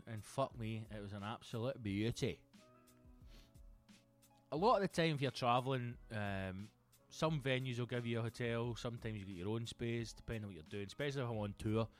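A Scottish man hosting a comedy podcast, telling sweary, animated stories in a monologue. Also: mid-range voice, a little fast, faint music behind. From Scotland.

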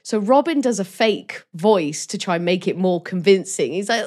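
A woman chatting about a film as a podcast co-host, expressive and laughing as she acts out voices. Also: mid-range voice, moderate pace. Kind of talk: casual film chat.

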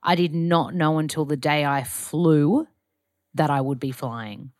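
A woman's voice: sits low, unhurried, darkish tone, dry recording, clean studio sound. A woman from Australia hosting a podcast, chatting casually and animatedly with lots of filler words. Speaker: podcast host.

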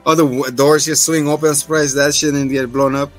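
A man's voice: fairly high pitch, little pitch movement, fairly bright tone, faint music behind. Laughing man recapping a TV episode. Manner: loose, laughing, acts out scenes in quick voices. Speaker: podcast host. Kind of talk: casual TV recap chat.

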